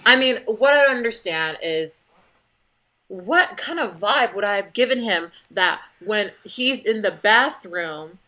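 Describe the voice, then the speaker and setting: A woman's voice: mid-range voice, animated, unhurried, pushed and bright. A young adult woman venting to camera in a casual vlog, blunt and profane as she tells her story. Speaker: vlogger.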